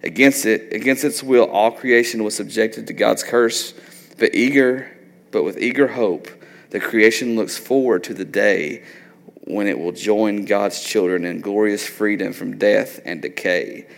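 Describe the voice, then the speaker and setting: A man's voice: fairly low pitch, unhurried, creaky. Thirty-something man preaching in a reverberant hall. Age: 30s. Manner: conversational, peppered with "like" and "right?". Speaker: pastor. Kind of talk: sermon.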